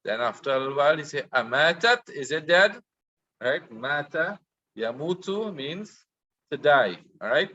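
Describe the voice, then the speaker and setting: A man's voice: a little high, expressive, unhurried, bright, forceful tone, dull audio, a little hiss or hum. A man teaching an Arabic lesson, patiently translating and explaining a dialogue word by word.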